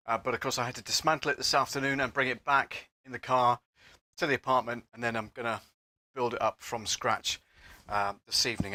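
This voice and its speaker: A man's voice: medium pitch, pushed and bright, no echo. A man hosting a casual live stream from his apartment studio, a little out of breath, rambling with many fillers, recorded on a lapel mic. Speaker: host of an audio production channel. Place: apartment home studio, indoors.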